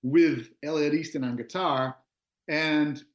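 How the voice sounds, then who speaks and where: Interview guest, man in his fifties from Long Island, animated and laughing, a bit higher voice, echoey room. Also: slow. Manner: animated storyteller, laughs often. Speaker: guest musician and author. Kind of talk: casual interview storytelling. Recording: roomy echo.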